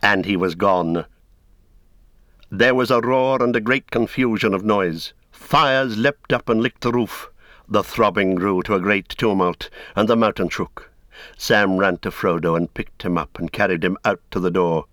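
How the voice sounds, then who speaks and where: A man reading an epic tale aloud as an audiobook narrator, in a grave, deliberate voice that swells at dramatic moments. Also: fairly low pitch, a bit bright, no room sound, studio quality.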